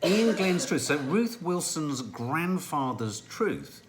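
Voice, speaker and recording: A man co-hosting a home TV review chat. His pitch swings widely as he rambles on enthusiastically. There is a faint hiss of background noise. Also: sing-song, slow pace. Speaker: TV review podcast co-host. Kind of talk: casual chat.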